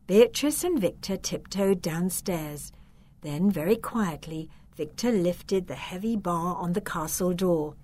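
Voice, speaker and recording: Slow, expressive woman storybook narrator. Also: fairly low pitch.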